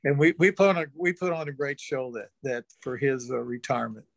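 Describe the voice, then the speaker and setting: A man's voice: medium pitch, brisk, creaky, no room sound. An older man, an interview guest, telling a long folksy anecdote and chuckling now and then. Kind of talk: storytelling in an interview.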